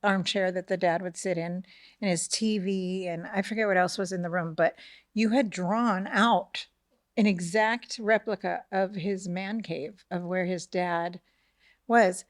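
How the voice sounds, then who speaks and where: A middle-aged woman telling a family story in casual podcast chat, animated, acting out the voices of the people in it and often asking "right?". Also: fairly low pitch, measured pace, dry recording, studio quality. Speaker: podcast co-host, mother of the host.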